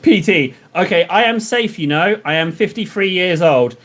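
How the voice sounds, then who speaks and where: A man's voice: high voice, lively intonation, moderate pace, few pauses. A man streaming live while painting miniatures, chatting casually and joking in a rambling, self-deprecating way with his viewers. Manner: rambling, joking banter with chat.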